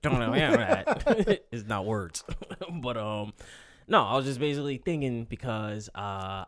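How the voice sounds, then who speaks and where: A man co-hosting a podcast, relaxed and chatty, with dry asides. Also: lowish voice, no room sound. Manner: laid-back, dry remarks, laughs often. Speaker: podcast co-host. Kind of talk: casual chat. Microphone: studio microphone.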